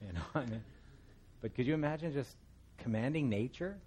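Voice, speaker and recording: A middle-aged pastor teaching a Bible passage in a relaxed, conversational way, with storytelling asides. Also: male voice, medium pitch, fairly quick, slight background noise.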